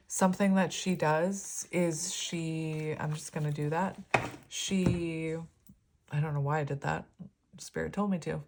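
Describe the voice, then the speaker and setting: A young woman giving a casual, rambling tarot reading with big, expressive reactions. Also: low voice, background noise. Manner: chatty, rambling, expressive, laughs often. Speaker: tarot reader.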